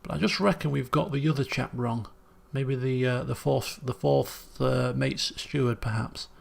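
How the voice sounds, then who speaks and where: A man's voice: medium pitch, normal speed, creaky. A man, thinking aloud as he streams a puzzle game, muttering guesses and restarting sentences. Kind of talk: casual gameplay commentary.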